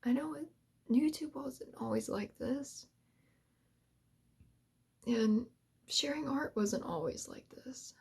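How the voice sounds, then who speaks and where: A woman's voice: sits high, takes it slowly, creaky, long pauses, darkish tone, slightly rough. A woman hosting an ASMR channel gives an earnest, emotional talk to creators and drifts in and out of a whisper. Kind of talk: soft-spoken heartfelt talk to creators.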